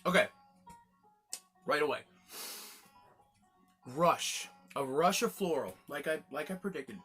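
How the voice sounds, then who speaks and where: A man's voice: on the high side, animated, a little slow, a bit bright, breathy edge, faint music behind. A man hosting a casual gin tasting review, chatty and rambling, exclaiming as he tastes.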